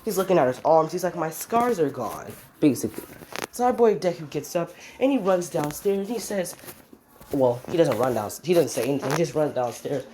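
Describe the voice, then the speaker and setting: A woman's voice: low-pitched, lively intonation, fairly quick, noisy background. A woman casually improvising a fan story, rambling with restarts and swearing.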